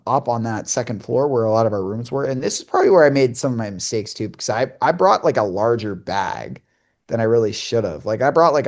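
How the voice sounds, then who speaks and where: Speaking at a medium pitch with a slightly mellow quality, a young man who co-hosts a podcast and broadcasts hockey spins a rambling, casual story. He acts out the dialogue and keeps restarting, with plenty of fillers.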